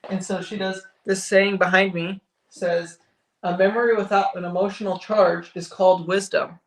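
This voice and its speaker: A man's voice: high-pitched, level tone, normal speed. Easygoing young man with a drawl. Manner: easygoing, laughs often, talks over partner. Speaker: vlog co-host. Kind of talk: casual live-stream chat. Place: home office room. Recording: roomy echo.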